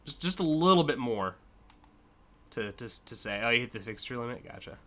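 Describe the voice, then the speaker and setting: A man's voice: medium pitch, expressive, normal speed, a bit bright. A man streaming live, casually and enthusiastically judging car designs, with frequent fillers and swearing.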